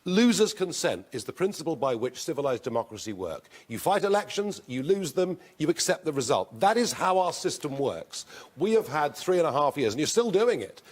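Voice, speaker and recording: A man answering questions in a televised debate, forceful and emphatic, repeating words for stress. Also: fairly high pitch, very animated, fairly quick. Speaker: party leader in a televised debate.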